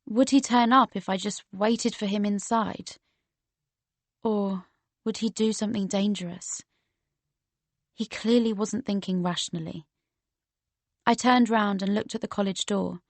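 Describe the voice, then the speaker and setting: A woman narrating a first-person romance audiobook in a steady storytelling manner. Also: mid-range voice, unhurried, creaky, long pauses, no echo.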